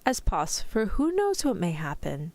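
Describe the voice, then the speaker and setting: A woman voicing a fussy, scheming middle-aged country wife in a put-on British accent, coaxing and insistent, during a soft-spoken ASMR reading. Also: mid-range voice, huge pitch swings, normal speed, no room sound.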